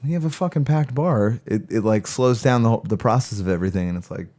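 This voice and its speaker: A man's voice: medium pitch, fast talker, mellow. A man co-hosting a podcast, talking bluntly with heavy profanity and frequent laughter in casual chat. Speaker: podcast co-host. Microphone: studio podcast mic.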